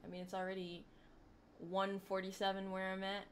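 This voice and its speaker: A woman's voice: medium pitch, completely flat delivery, moderate pace, a little hiss or hum. A woman livestreaming and chatting casually to her chat, rambling with joking, sarcastic asides. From Puerto Rican heritage.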